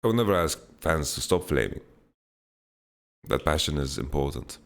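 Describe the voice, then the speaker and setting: A man's voice: very deep voice, expressive, normal speed, gravelly, a bit bright. A man hosting a casual Q&A podcast, answering viewer questions bluntly and laughing them off. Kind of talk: casual chat, Q&A.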